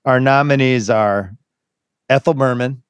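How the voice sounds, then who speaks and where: A man's voice: medium pitch, clear, resonant tone, no room sound. Dry-voiced male podcast host. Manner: quick, prompting questions and category introductions. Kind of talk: casual podcast conversation.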